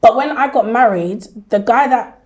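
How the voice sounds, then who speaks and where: A woman's voice: on the high side, normal speed, darkish tone. A woman from England, a guest telling her story bluntly and with laughter in an interview. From Northern England. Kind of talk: candid interview chat.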